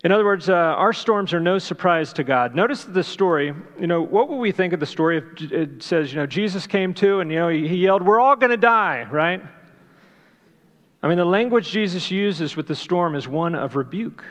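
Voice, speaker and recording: Man, pastor, sermon, emphatic, rhetorical questions, gravelly voice, long hall reverb. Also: on the high side. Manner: emphatic, asks rhetorical questions, repeats key points.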